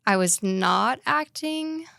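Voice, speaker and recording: Female guest, crisp clear voice, dry close sound, earnest and tentative. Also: on the high side, lively intonation, takes it slowly, bright, forceful tone, dry recording. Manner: earnest, agreeable, a bit hesitant. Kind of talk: casual chat.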